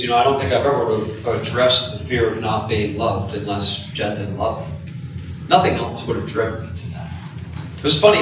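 Male pastor, middle-pitched, animated confessional storyteller, heard from far off in a very echoey hall. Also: noisy background. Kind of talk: sermon.

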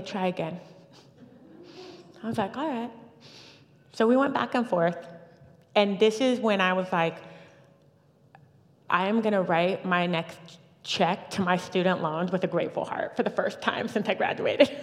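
A woman in her thirties giving a lively personal church testimony, with frequent fillers and restarts. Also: medium pitch. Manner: animated storytelling with fillers and restarts. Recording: long reverb of a hall.

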